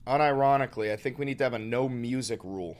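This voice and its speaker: A man's voice: medium pitch, fast. A young man hosting a livestream, talking casually and swearing a lot, muttering worries to his chat. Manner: profane, angry outbursts. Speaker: streamer host.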